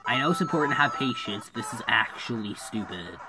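Very low-voiced woman playing a game and grumbling at it, swings up and down a lot, game music going. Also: lively intonation, a little fast. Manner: frustrated, talks to the game, mutters and repeats herself. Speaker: gaming YouTuber. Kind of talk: casual gameplay commentary.

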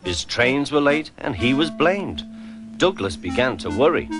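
A man reads a children's railway story aloud in a slow, measured way, with a lively rise and fall in his voice. Music plays behind him. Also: medium pitch. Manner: measured, expressive reading. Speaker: narrator. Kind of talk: storybook narration.

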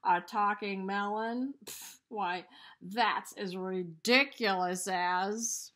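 A woman reading a storybook aloud, voicing a mocking, hot-tempered male warthog who sneers and turns shrill. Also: takes it slowly, a bit bright. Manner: sneering, shrill when angry.

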